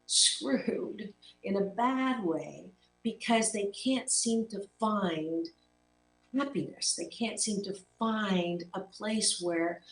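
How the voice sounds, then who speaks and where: A middle-aged woman hosting a talk show as a life coach, speaking earnestly and emphatically, sometimes repeating words as she searches for them. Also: mid-range voice. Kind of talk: motivational talk to camera. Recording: echoey room heard from a distance, faint hum.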